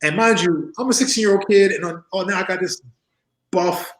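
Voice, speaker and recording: A man's voice: high-pitched, fairly quick, echoey room, low-quality recording. A man in his forties, a former wrestler, telling stories in a casual interview, laughing often and acting out other people's voices. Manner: animated storyteller, acts out voices, laughs often.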